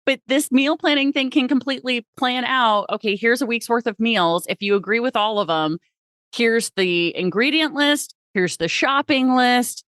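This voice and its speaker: Hosting a podcast, a woman chats casually and laughs a lot. Her voice is fairly high and fairly bright at a normal speed, recorded dry with clean studio sound.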